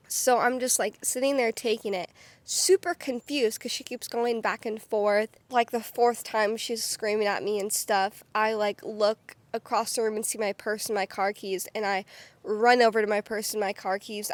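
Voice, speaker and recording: A young woman telling her own story to the camera in a casual, candid way, full of "like" and quick restarts. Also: medium pitch, no echo. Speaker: vlogger.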